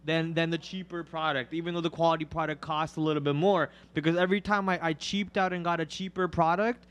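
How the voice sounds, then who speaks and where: A man co-hosting a live trading stream, giving casual market commentary with joking banter and quick asides. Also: on the high side, little pitch movement, a bit bright, clear, resonant tone.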